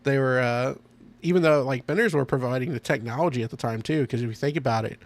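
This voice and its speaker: A man chatting casually on his podcast, eager and rambling. He laughs often as he goes, and his voice sits at a middle pitch. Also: fast. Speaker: podcast host. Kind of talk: casual chat.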